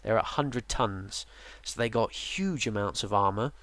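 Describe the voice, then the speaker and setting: A man's voice: lowish voice, unhurried, dry recording. Tired, rambling man with a dry close sound. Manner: relaxed, rambling with many ums and restarts. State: yawning, tired. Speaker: game guide presenter. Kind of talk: casual game tutorial narration.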